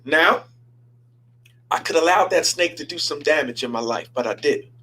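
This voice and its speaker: A man, a pastor hosting a show, telling a story in a lively sermon style, repeating himself and stumbling over words as he goes. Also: a little high, moderate pace, long pauses, rough recording. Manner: animated, repeats himself and stammers.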